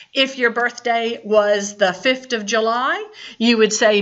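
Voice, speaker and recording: Slow-spoken woman teaching Spanish. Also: a little high, steady tone, a bit bright. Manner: slow, deliberate explanations with playful asides. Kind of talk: recorded classroom lesson. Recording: dull lo-fi recording.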